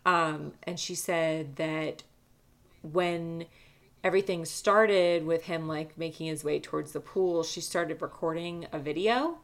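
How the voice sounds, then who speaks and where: A woman with a low voice and a gravelly edge, talking in a relaxed, casual way. She tells a story to a friend and fills her pauses with "um" and "like." Now and then she reads from a transcript. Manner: relaxed, many fillers, reads a transcript aloud.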